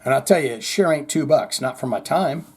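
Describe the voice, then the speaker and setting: A man hosts a heavy metal news show, chatting casually and reading viewer comments with blunt sarcasm and some swearing. His medium-pitched voice is animated, brisk and a little mellow, with slight background noise.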